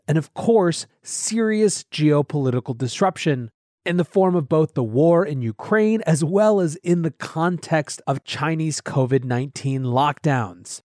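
A man's voice: a little high, a little mellow, no echo. Upbeat male podcast host, dry mic. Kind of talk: daily markets podcast monologue.

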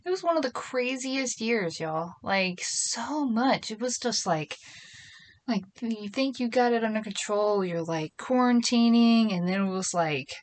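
A woman's voice: on the high side, animated, unhurried. A middle-aged woman hosting her own podcast, chatting casually and rambling from a small closet at home. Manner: chatty, rambling, self-deprecating. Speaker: podcast host. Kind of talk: casual solo podcast chat. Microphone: phone and computer.

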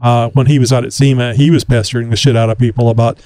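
A man's voice: medium pitch, little pitch movement, fast talker, warm tone, dry recording. A man co-hosting a podcast in casual chat, rambling with frequent fillers and restarts. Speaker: podcast co-host.

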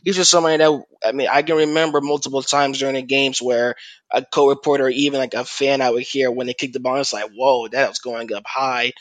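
Man, middle pitch, measured reporter tone, dry recording. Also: dry recording. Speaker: sports reporter. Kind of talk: casual panel discussion.

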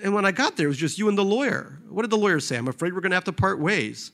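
A man doing a calm, reproachful younger friend. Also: high voice, gravelly, pitched above the performer's own voice, full character voice. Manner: quiet, measured and blunt. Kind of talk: reading a novel aloud.

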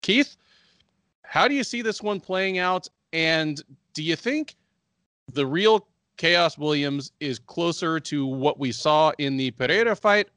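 A man co-hosting a sports podcast, reading a fight preview full of records and betting odds in a measured way. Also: fairly high pitch, a bit bright, no room sound. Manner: measured, stat-heavy delivery. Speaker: co-host.

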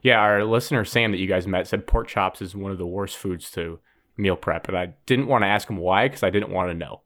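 A man's voice: deep voice, a little fast, fairly bright tone. A young man hosting a casual podcast, retelling a story in a rambling way full of fillers and restarts. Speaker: podcast host.

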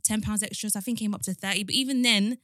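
A young woman co-hosting a casual podcast chat, animated and quick to laugh while acting out quotes. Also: mid-range voice, no echo, studio quality. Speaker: podcast co-host.

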